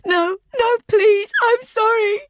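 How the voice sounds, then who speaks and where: A woman's voice: extremely high pitch, slow, dry recording, voice pushed up. A woman voicing a terrified mother who pleads in a quivering, crying voice. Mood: pleading. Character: terrified young mother begging for her son.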